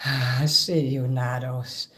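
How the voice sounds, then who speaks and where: Slow-talking man chatting on a livestream. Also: medium pitch, sharp tone. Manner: chatty, thanks viewers by name, rambling asides. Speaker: karaoke livestream host. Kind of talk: casual live-stream chat between songs.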